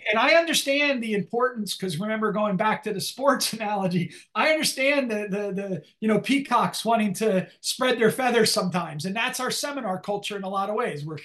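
High-voiced older man, rambling professor. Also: animated, fairly quick, few pauses, pushed and bright. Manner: rambling, many restarts and fillers, occasional laughs. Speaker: economics professor, interview guest. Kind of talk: conversational interview.

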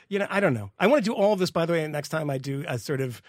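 A man on a podcast going on an animated, exasperated rant, swearing and laughing as he talks. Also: on the high side, very fast, no echo, studio quality. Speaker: podcast co-host. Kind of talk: casual political rant.

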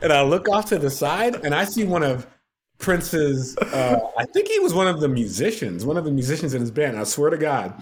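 A man, a television producer and podcast guest, telling stories in a casual, animated way and laughing often. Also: on the high side, fairly quick, slight background noise. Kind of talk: casual storytelling.

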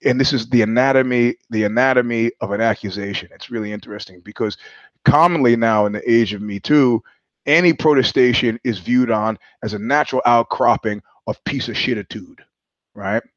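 A man's voice: mid-range voice, brisk, dry recording, muffled recording. A man hosting a podcast, telling a long, digressive story with profanity, chuckling as he goes. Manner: digressive, profane, laughs mid-sentence. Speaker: podcast host. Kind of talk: rambling storytelling monologue.

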